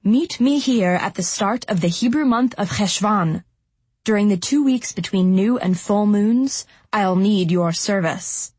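A woman's voice: medium pitch, unhurried, a little mellow, breathy edge, dry recording. A woman voicing a mysterious young male fallen angel who talks in a lazy, mocking, commanding way in a storybook reading.

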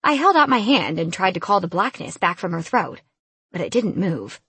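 A woman reading a first-person fantasy audiobook in an expressive, lively storytelling manner. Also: fairly low pitch, moderate pace, husky, dry recording. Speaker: audiobook narrator.

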